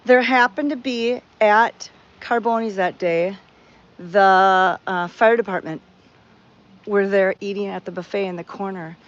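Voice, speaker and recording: A woman's voice: mid-range voice, steady tone, a little slow, lo-fi sound. A woman chatting to her viewers outdoors at a cat sanctuary, telling a rambling story with frequent restarts.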